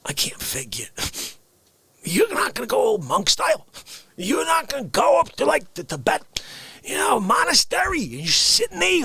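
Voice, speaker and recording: A man hosting a livestream, riffing comedically and swinging between loud shouts and hushed whispers. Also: very high voice, huge pitch swings, moderate pace, gravelly, slightly rough. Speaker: livestream host. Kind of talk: rambling comedic riff.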